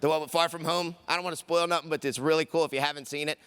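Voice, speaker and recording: A man works a conference crowd in a stand-up set, his voice bright and forceful. He sits a little high for a man, chatty and loose, slipping into quick quoted voices as he riffs. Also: steady tone, clear, resonant tone. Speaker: stand-up comedian. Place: conference stage.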